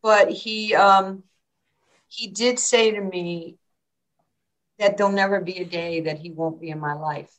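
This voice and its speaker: A woman's voice: medium pitch, a little slow, pauses often, poor audio. A woman, a basketball coach telling stories in an interview and acting out the quoted lines. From New York. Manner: animated storyteller, acts out quotes. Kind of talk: storytelling interview.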